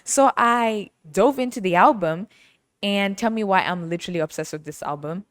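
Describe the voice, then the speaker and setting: A woman's voice: medium pitch, normal speed, dry recording, clean studio sound. A woman hosting a podcast, telling stories in a casual, chatty way, laughing often and playfully teasing. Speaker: podcast host. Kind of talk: casual storytelling monologue.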